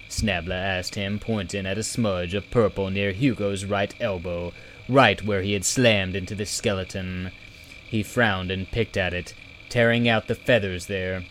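Slow audiobook narrator guy, lowish voice, measured. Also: fairly even intonation, fairly bright tone, a little hiss or hum.

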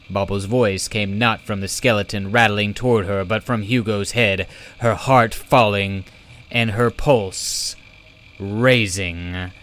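A man narrating a storybook in a slow, measured reading. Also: lowish voice, fairly even intonation, fairly bright tone. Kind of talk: audiobook narration.

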